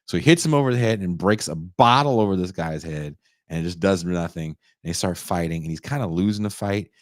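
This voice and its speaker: A man in his forties with a low voice tells the story of a movie in loose podcast chat. He is animated and profane, and he slips into the characters' lines as he goes. The sound is dry and close, with no room echo. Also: brisk. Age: 40s. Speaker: podcast host. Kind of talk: casual chat, retelling a movie.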